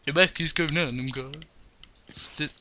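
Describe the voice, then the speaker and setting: Bright-voiced young man gaming. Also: on the high side, unhurried. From Finland. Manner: excitable, crude trash talk. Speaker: gaming video host. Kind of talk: casual gameplay commentary.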